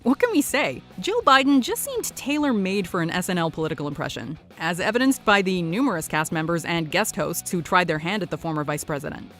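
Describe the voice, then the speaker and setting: A woman's voice: fairly low pitch, fairly bright tone. A woman giving scripted, upbeat narration for a countdown video.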